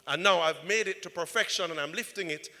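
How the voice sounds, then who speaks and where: A male pastor telling a story in an animated sermon, often checking in with "right?". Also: high-pitched, brisk. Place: church. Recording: reverberant church hall.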